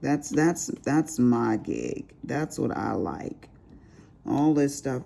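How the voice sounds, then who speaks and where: Middle-aged woman, casual crafting vlogger; mellow, gravelly voice that swoops around a lot. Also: very deep voice, takes it slowly. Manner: chatty, expressive, calls listeners honey. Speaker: diamond painting vlogger. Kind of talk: casual chat while crafting.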